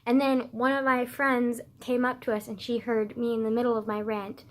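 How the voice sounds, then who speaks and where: A teenage girl telling a story in a casual rant, peppered with "like" and swearing, dropping to low mutters and then flaring up loud. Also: level tone, moderate pace, slight background noise. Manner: swearing, frequent "like" fillers, swings from low mutters to loud outbursts. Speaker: vlogger.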